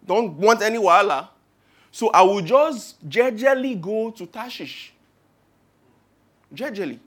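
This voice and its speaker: A man's voice: sits high, lively intonation, unhurried, fairly bright tone. A man with a Nigerian accent preaching a sermon in a humorous, rhetorical way, piling up long spoken lists.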